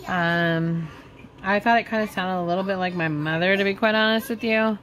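A woman's voice: mid-range voice, moderate pace, a bit bright. A woman hosting a casual crafting vlog, talking in a laid-back, giggly way. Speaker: vlog host. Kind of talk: casual chat while crafting.

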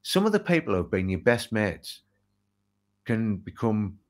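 A man's voice: on the low side, unhurried. A man telling an anecdote in an interview, bringing it to life and acting out the dialogue. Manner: lively anecdotal, acts out dialogue. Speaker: author and speaker. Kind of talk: storytelling in an interview.

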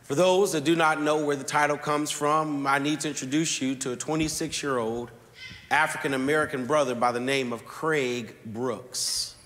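A man's voice: on the high side, fairly even intonation, a bit bright. A male pastor delivering a sermon in a slightly raised voice, drawing out key words as he tells a story. His voice carries through a large church sanctuary with a long, lingering reverb behind every phrase. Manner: storytelling preacher with slow, deliberate emphasis.

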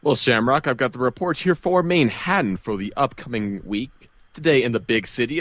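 A man's voice: lowish voice, fairly bright tone, no room sound. Easygoing man hosting a radio show. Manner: easygoing, chatty host patter. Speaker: radio host. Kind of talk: casual radio chat and news.

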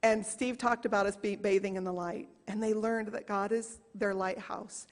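A woman's voice: mid-range voice, fairly even intonation. Woman sharing an earnest church testimony. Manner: earnest, storytelling, slows down to stress moments. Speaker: church volunteer small group leader. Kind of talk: personal testimony to a congregation. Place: church sanctuary. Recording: reverberant church hall.

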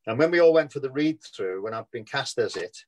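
A man's voice: medium pitch, lively intonation, a little fast, poor audio. An older man with a Liverpool Scouse accent, an actor guest in a casual interview, telling chatty anecdotes and laughing at his own tales.

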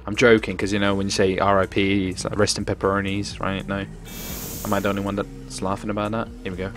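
A young man giving excitable live commentary on his gameplay stream, joking with chat and swearing. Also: on the low side, fast, over music. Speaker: gaming streamer.

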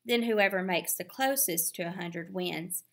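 A woman reading aloud, voicing a proud, quick-tempered young girl with a snappy, boastful manner. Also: lowish voice, creaky. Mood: scheming.

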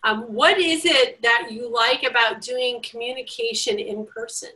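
A woman's voice: a little high, moderate pace, pushed and bright, low-quality recording. A woman hosting a casual interview, chatty and gushing, with lots of fillers. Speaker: host.

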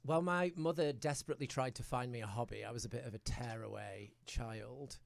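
A young British man chatting casually as a guest, self-mocking and a little crude, tripping over his own restarts. His voice sits at a middling pitch. The sound is dry and close, with no room around it. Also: a little fast, gravelly, no room sound. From United Kingdom. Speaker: guest actor. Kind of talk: casual chat.

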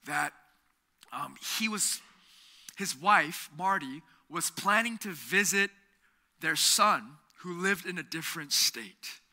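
Male pastor, sermon storyteller, bright ringing tone, slow deliberate delivery, swings from loud to hushed. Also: high voice. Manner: storytelling, building to loud emphasis then dropping to a hushed near-whisper. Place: church sanctuary.

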